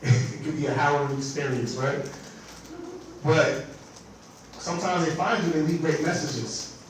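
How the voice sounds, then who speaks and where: A man with a slightly higher voice presents a workshop to teachers, chatting with the crowd and dropping "right?" again and again. He is heard from a distance in a large room with heavy echo. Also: measured pace, a little hiss or hum. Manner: conversational, keeps checking in with the audience by asking "right?". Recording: very echoey room picked up from far off.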